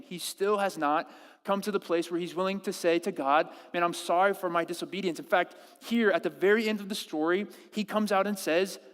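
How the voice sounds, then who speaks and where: A man preaching a sermon as pastor, animated and acting out quoted prayers with halting restarts. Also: sits high, long reverb tail. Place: church service.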